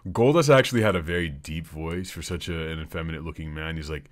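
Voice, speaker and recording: Deep-voiced man, rambling podcast host. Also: fairly quick, few pauses. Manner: rambling, profane, jokey. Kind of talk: casual comedic monologue.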